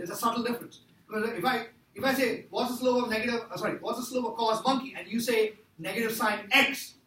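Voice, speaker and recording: A man lectures a math class in a high, bright voice, pressing his points again and again and firing questions at the students. He is recorded from a distance in an echoey classroom with a faint hiss. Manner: emphatic, repeats himself, quizzes students. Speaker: math teacher.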